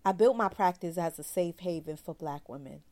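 A woman therapist tells her own story in a frank, animated, slangy voice. Her voice sits a little low for a woman. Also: normal speed. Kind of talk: candid personal storytelling.

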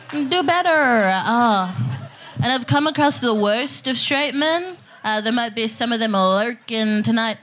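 A woman's voice: a little high, background noise. A woman performing a crude, punchy stand-up set live on a festival stage, laughing through her jokes. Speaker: stand-up comedian, guest.

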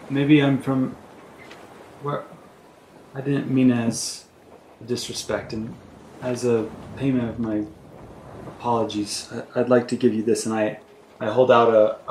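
A man's voice: medium pitch, a little mellow, slight background noise, close to an everyday voice. A man voicing an awkward male adventurer who stammers and apologizes. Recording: roomy echo.

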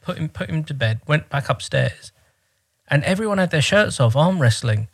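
A man's voice: a little high, animated, normal speed, slightly rough. A man talking casually as a podcast guest, telling work stories in a rambling, wry way with lots of fillers. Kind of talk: casual chat.

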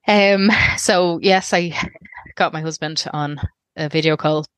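A low-pitched Irish woman in her thirties recounts her own experience as an interview guest. She talks candidly and rambles, breaking off and restarting her thoughts. The recording is dry and close. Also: steady tone, unhurried, smooth, no echo. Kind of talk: personal storytelling interview.

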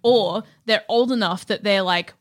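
A woman's voice: medium pitch, measured pace. A woman co-hosting a casual comedy chat, playfully working through ideas with acted-out asides.

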